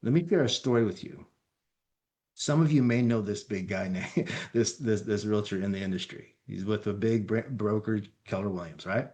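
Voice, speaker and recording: A man giving an energetic training presentation as a company founder, talking directly to his audience. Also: lowish voice, moderate pace. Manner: energetic, addresses audience as folks.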